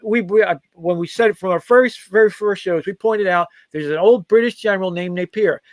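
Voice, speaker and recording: This is a man with a notably high voice delivering scornful political commentary. He rambles, doubles back and repeats words as he builds his case. The sound is dry, with no room echo. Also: fairly quick. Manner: mocking, rambling, with frequent restarts. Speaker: co-host of a political talk show.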